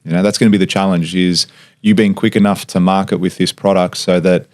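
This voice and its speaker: Lower-pitched Australian man, jokey podcast host. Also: a little fast. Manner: joking, animated storyteller who swears. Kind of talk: casual chat.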